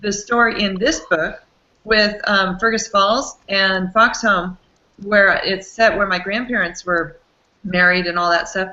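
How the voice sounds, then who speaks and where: A woman hosting a book club chat on a video call, upbeat and quick to laugh. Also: medium pitch, sharp tone. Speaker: host. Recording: slightly dull lo-fi call audio.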